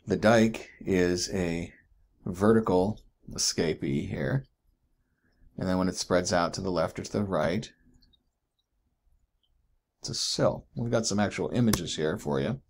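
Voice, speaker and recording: A man's voice: deep voice, a little slow, pauses often. A man teaching geology in a chatty recorded lecture, often asking "right?" and correcting himself as he goes.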